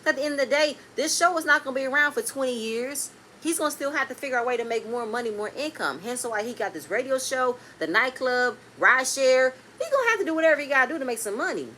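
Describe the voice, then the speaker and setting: A woman recapping a reality TV episode in a casual, blunt, animated way, with speech. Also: high voice, fast talker, few pauses, a little hiss or hum. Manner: animated, blunt and swearing, swings between loud and quiet.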